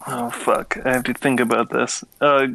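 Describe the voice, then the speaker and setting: A man's voice: medium pitch, little pitch movement, moderate pace, vocal fry, pushed and bright. A man playing a tabletop game, thinking aloud and hesitant. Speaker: player. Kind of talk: casual tabletop play.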